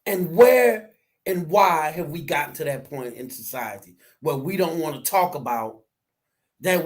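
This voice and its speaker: A man co-hosting a casual discussion, talking in a preachy, animated way that rises to near shouts. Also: on the high side, a little slow.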